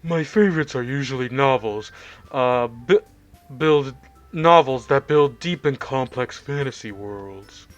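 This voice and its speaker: A man voicing a shy, bookish young woman while reading a visual novel aloud, keeping his delivery low and hushed. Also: lively intonation, a little slow, soft background music, natural voice. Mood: earnest.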